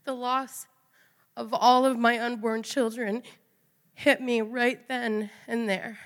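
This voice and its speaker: A woman's voice: fairly high pitch, level tone, takes it slowly. A woman giving an emotional personal testimony in an earnest, confessional way. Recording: long hall reverb.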